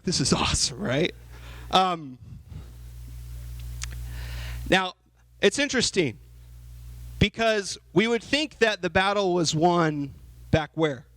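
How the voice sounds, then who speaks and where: A young man with a high, bright-sounding voice preaches to a youth group, full of questions to the crowd and quick acted-out asides. The sound is close and dry, with no room echo. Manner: lively, asks the audience questions, acts out the characters. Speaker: youth pastor. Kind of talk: youth sermon.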